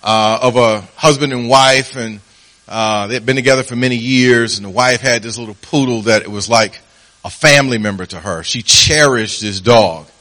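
A man's voice: normal speed, bright, forceful tone. A man preaching as pastor, telling a story and acting out its voices. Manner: storytelling, acts out voices with rising pitch. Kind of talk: sermon with a told joke.

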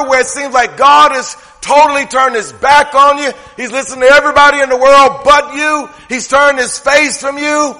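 A man preaching a humorous, conversational sermon from the pulpit, swinging from loud to hushed. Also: extremely high pitch, fairly even intonation, normal speed, hardly any pauses, in a large hall. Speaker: pastor. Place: church sanctuary.

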